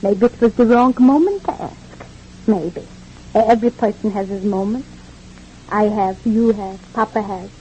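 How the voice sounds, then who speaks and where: A woman's voice: medium pitch, a little slow, mellow, slight background noise, lightly acted. An actress playing a talkative, kindly immigrant mother, stammering and philosophizing in 1940s radio acting. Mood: chatty. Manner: stammering repeats, rambling and philosophizing. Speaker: mother of the family. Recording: dull old radio recording.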